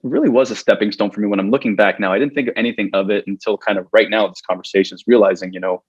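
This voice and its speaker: A man's voice: fairly low pitch, fairly even intonation, very fast, breathy edge, no echo, lo-fi sound. A man in his forties, a guest on an interview podcast, telling stories casually, laughing often and restarting his sentences. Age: 40s.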